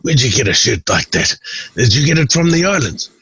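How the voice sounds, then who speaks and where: A man's voice: medium pitch, sing-song, fairly quick, a bit bright, slightly rough, no echo, voice pushed up, heavily acted. A man voicing a laid-back male friend who says everything twice, slightly differently. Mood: delighted.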